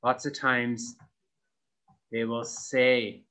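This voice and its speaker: A man teaching English to young pupils, spelling out words letter by letter and repeating each word clearly for practice. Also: medium pitch, little pitch movement, very slow, bright, forceful tone. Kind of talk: slow, clear classroom instruction.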